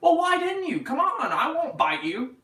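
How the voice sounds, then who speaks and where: Lively, bright-voiced young North Carolina man. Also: extremely high pitch, moderate pace, roomy sound, distant mic, low-quality recording. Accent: North Carolina Southern. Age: 20s. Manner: rambling, profane, joking. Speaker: livestream host. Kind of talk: casual livestream chat reading comments.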